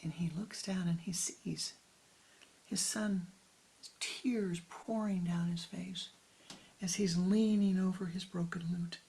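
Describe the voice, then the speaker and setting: Spiritual teacher lady telling a story in a dharma talk, super slow, half-whispered, gravelly. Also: lowish voice, fairly even intonation, dark tone, low-quality recording.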